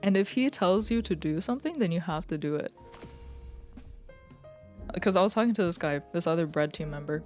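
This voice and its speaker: A woman's voice: on the low side, lively intonation, a little fast, pauses often, a little mellow, soft background music. A young woman streamer in casual live chat, rambling, swearing often and joking as she goes.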